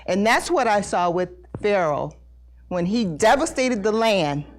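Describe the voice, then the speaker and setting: Earnest woman with a lively, rising voice. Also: mid-range voice. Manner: earnest, halting, repeats words, voice rises when emotional. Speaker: congregation member sharing testimony. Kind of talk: emotional personal testimony at a Bible study.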